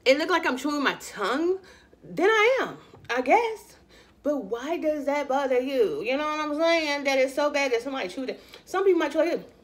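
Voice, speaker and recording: A chatty Louisiana woman hosts a mukbang, speaking in a high, animated voice at a moderate pace. She calls her viewers y'all and eats between lines in this casual eating-show chat.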